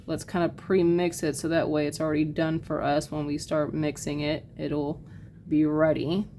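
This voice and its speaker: A woman giving a casual painting tutorial, chatting loosely with fillers and quick apologies as she works. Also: low-pitched, a little mellow, slight background noise. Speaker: art teacher.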